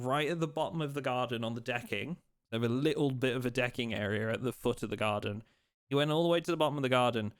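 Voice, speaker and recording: A man streaming a game live, chatting casually in a relaxed, rambling way and teasing his chat. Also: medium pitch, clear, resonant tone, no room sound, clean studio sound.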